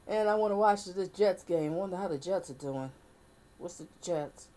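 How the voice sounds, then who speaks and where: A woman's voice: on the low side, moderate pace, warm tone. A woman hosting a live advice stream, chatting with viewers and leading a prayer. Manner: chatty, reads out viewer comments, prays earnestly.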